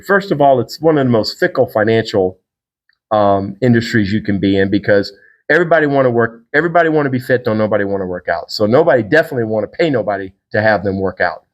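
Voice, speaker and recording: A middle-aged man hosting a podcast, telling a personal faith story in a casual, animated way and acting out the people he quotes. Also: muffled recording. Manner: animated storyteller, acts out quotes with big pitch jumps. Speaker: podcast host.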